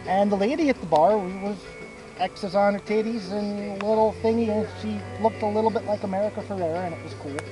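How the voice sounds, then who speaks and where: Speaking fast in a high voice, a young man tells his friends a crude, rambling tale, cursing freely and laughing at his own jokes. Loud music plays behind him, and the audio quality is poor.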